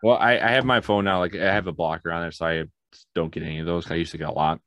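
A man's voice: low-pitched, fairly even intonation, racing, fairly bright tone, dry recording, studio quality. A man co-hosting a casual podcast, telling stories and acting out phone calls in voices. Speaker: podcast co-host. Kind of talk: casual storytelling chat.

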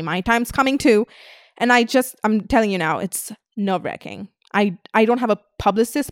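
A woman vlogger talking straight to her audience in a loose, unscripted rant. She swears freely and is blunt, and she keeps jumping into mocking voices of the people who criticize her. Her voice sits at a middle pitch, and the sound is dry and close with no room echo. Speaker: internet influencer. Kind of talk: casual vlog rant.

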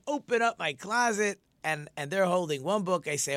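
A man's voice: sits high, animated, moderate pace, fairly bright tone, no echo. A man, a rabbi, hosting a casual talk show and telling a rambling, enthusiastic story with many fillers.

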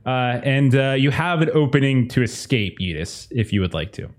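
A man's voice: mid-range voice, expressive, normal speed. A man running a tabletop game as game master, narrating loosely with many fillers.

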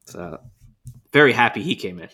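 A man co-hosting a podcast, telling a story in a casual, animated way with laughs and swearing. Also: fairly low pitch, moderate pace, slightly rough. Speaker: podcast co-host.

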